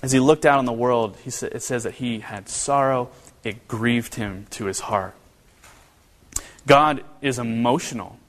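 A pastor from northern Kentucky preaches a sermon in a conversational style, full of rhetorical questions and restarts. His mid-range, slightly bright voice moves at a measured pace, with the long reverb of a hall around it.

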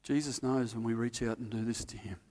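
A man's voice: medium pitch, fairly even intonation, a little fast. Preacher man in a reverberant hall. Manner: storytelling with acted-out quotes, dropping to quiet emphasis. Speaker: pastor. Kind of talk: sermon.

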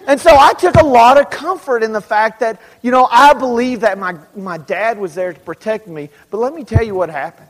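A man from Dallas speaking to a young audience, telling animated, self-mocking stories in a large hall. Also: very high voice, moderate pace, hardly any pauses. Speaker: youth speaker. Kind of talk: storytelling talk to kids. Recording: long hall reverb.

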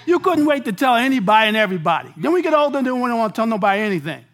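A man preaching a sermon in a casual, slangy way, moving between loud bursts and hushed lines. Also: very high voice, sing-song, very fast.

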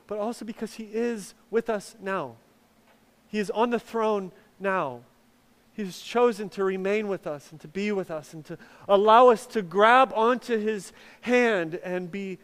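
High-voiced pastor with a smooth, clear tone. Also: male voice, big-room sound. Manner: conversational, with frequent fillers and restarts. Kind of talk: sermon with personal storytelling.

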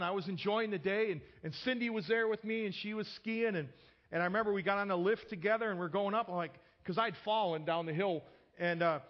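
Pastor, male, higher-pitched voice, chatty sermon delivery with repeated words at sentence starts, muffled lo-fi recording. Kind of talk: sermon with personal story.

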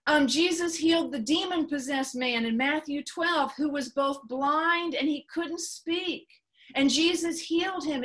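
Woman preacher, high voice, unhurried earnest sermon delivery. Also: fairly bright tone. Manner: earnest, repeats phrases, slows for emphasis. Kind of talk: sermon teaching.

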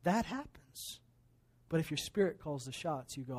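A man preaching a sermon, animated, swinging between loud emphatic lines and hushed asides. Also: fairly high pitch, normal speed, husky. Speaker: pastor.

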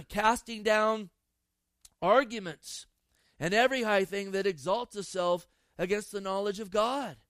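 A man's voice: high voice, measured pace, no echo. A man preaching a sermon, emphatic and repeating phrases for stress. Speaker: pastor.

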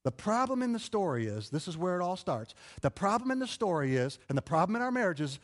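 A middle-aged male pastor giving an animated, conversational sermon full of rhetorical questions. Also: high voice, brisk.

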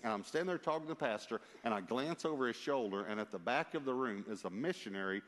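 A male preacher telling a personal story in an emphatic, lively way, with asides to his listeners, in a church. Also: medium pitch, fast, hardly any pauses. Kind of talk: storytelling sermon. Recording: long reverb of a large hall.

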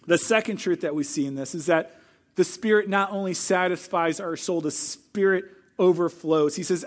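An earnest male pastor preaching a sermon and moving into heartfelt prayer. His voice sits fairly high for a man. He speaks with steady conviction throughout. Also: moderate pace.

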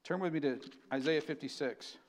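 A man preaching a sermon in a church, reading scripture slowly and building to loud, emphatic bursts. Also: fairly high pitch. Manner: slows to read scripture aloud. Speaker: pastor. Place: church sanctuary.

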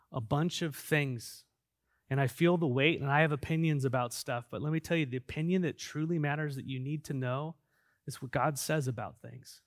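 A man preaching as a pastor, earnest and emphatic, dropping to quiet stretches and then building back up. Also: medium pitch, no room sound, studio quality. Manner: earnest, emphatic preaching that swings between soft and loud. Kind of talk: sermon.

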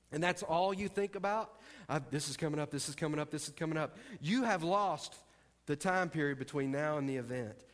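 A man's voice: on the high side, a bit bright. Man preaching in an echoing hall. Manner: emphatic, repeats key phrases. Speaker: pastor. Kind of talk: sermon.

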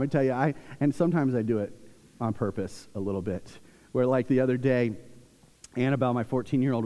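Animated pastor with a slightly high voice. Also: male voice. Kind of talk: sermon. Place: church sanctuary. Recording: long reverb from a church hall.

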